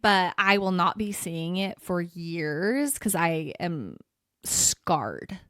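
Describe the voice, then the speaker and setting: A woman in her thirties co-hosting a podcast, telling a story with animated quotes and lively voices for other people. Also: on the low side, takes it slowly, clean tone, no room sound, clean studio sound. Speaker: podcast co-host. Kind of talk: casual chat.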